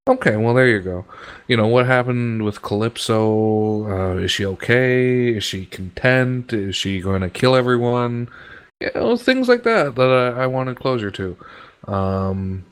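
A man's voice: medium pitch, lively intonation, measured pace, clear, resonant tone. A man chatting on a podcast as co-host, giving dry short replies and hesitating with many ums. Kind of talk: casual chat.

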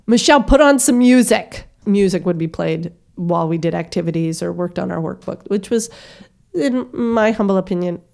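A woman's voice: on the low side, creaky. A woman in her thirties telling a story as a podcast guest, acting out the voices of the people in it. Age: 30s. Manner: lively, acts out voices of classmates.

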